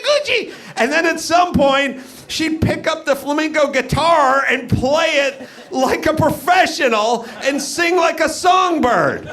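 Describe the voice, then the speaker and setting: A man's voice: very high voice, sharp tone. A man hosting a live comedy podcast from a comedy club stage, rambling through incredulous rhetorical questions. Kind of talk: live stand-up podcast riff.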